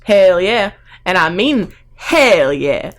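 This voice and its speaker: A woman voicing a brash, chatty male cowboy adventurer with a put-on Texan drawl, talking smoothly and politely. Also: lowish voice, animated, normal speed, a bit bright. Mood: cheerful. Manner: cheerful smooth-talker, overly polite.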